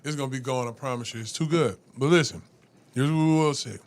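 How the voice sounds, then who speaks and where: A man hosting a casual radio talk show, hyping up his guest with a lively, laughing manner. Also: mid-range voice, fast talker. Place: radio studio.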